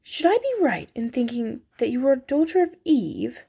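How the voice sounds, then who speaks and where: A woman's voice: high voice, normal speed, vocal fry, breathy edge, voice pushed up, heavily acted. Woman doing a fussy, nervous faun. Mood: fluttery, polite. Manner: courtly, excitable, stammering apologies. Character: polite, nervous male faun, fussy and formal. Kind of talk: storybook reading.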